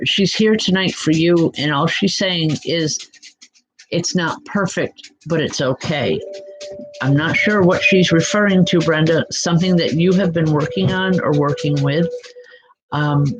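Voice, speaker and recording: A woman giving spiritual readings live to online viewers, speaking gently and reassuringly, calling people by name with many soft hesitations. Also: low-pitched. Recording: dull lo-fi sound with music behind. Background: background music.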